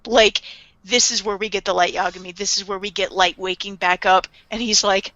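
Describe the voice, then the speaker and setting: A woman's voice: mid-range voice, fairly even intonation, moderate pace, pushed and bright, dry recording, dull audio. A woman casually recapping an anime with a co-host, acting out the characters' lines and laughing often. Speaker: podcast co-host.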